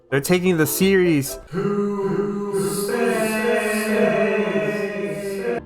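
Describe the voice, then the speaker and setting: A young man giving a sarcastic, comedic recap of gaming news, with excitable outbursts. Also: mid-range voice. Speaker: gaming YouTuber. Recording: music playing under the voice. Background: music.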